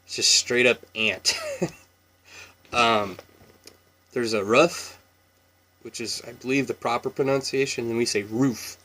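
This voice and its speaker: Slow-talking man with a Washington accent. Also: medium pitch. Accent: Pacific Northwest American. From Washington State, US. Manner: relaxed, meandering, with laughs and many fillers. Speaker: vlogger. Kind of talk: casual accent tag video.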